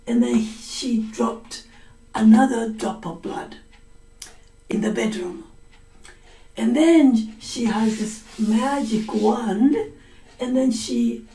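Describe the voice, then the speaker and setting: Slow, mellow woman teacher telling a story. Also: on the high side, recorded from a distance. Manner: slow and deliberate, explains words, acts out voices in quotes. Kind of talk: slow story-listening lesson. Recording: echoey room, voice a little off mic.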